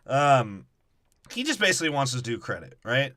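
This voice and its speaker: A young man co-hosting a podcast, joking crudely in casual, animated chat. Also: mid-range voice, normal speed, no echo, studio quality. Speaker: podcast co-host.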